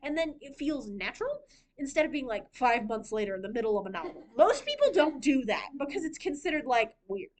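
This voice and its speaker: Chatty, giggly young woman with a high voice. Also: big pitch swings, fairly quick. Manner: chatty, giggly, lots of fillers. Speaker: library writing workshop presenter. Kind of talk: casual talk on writing. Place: library room.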